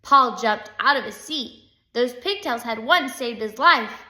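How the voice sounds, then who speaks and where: A woman reading a children's book aloud with expressive, unhurried storytelling. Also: fairly high pitch, roomy sound. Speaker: audiobook reader.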